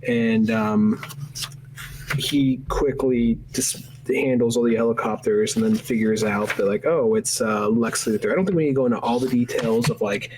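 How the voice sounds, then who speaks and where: A man's voice: mid-range voice, fairly even intonation, background noise. A man co-hosting a podcast, talking casually and rambling through a comic book story. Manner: rambling, acts out panels in quick voices. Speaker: podcast co-host.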